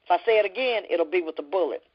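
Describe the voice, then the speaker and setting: A woman's voice: lowish voice, animated, quick pace, breathy edge, highs cut off. A woman voicing a menacing male kidnapper with curt, threatening lines in a book reading.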